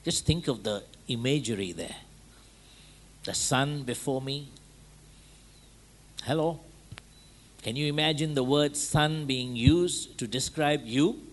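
A man with a medium-pitched voice preaches a sermon conversationally, checking in with his listeners through quick rhetorical questions.

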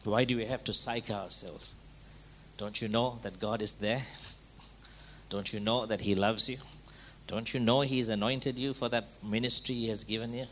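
A man preaching a sermon in a conversational way, checking in with his listeners through quick rhetorical questions. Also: on the low side, steady tone, slight background noise.

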